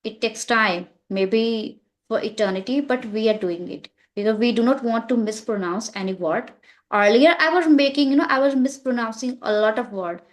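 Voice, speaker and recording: A woman chatting casually on a video call, speaking haltingly with many fillers and restarts. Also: fairly high pitch. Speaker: English learner interviewed about her practice. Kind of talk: casual conversational chat.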